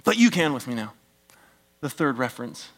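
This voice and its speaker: A middle-aged male pastor preaching a sermon, animated and joking with the congregation, swinging from loud emphatic bursts down to hushed near-whispers. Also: medium pitch, normal speed.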